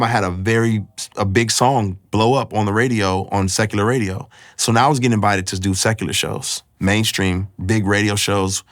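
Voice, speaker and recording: Man telling his faith story, low-pitched, candid, searching for words. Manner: earnest and confessional, pauses often to find words. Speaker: speaker sharing a personal testimony.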